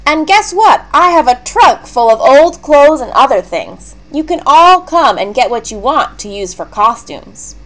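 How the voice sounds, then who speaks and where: A kindly female owl from a children's storybook, helpful and reassuring, as a woman reads her lines. Her voice sits high and swoops up and down with cheer. She speaks slowly and gently. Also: sing-song, exaggerated voice. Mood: cheerful.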